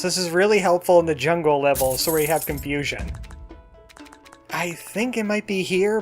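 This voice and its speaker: A man's voice: a little high, a bit bright. A man giving casual, self-deprecating gameplay commentary as a let's-play gamer. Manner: self-deprecating, chatty, jokey. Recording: game music playing underneath.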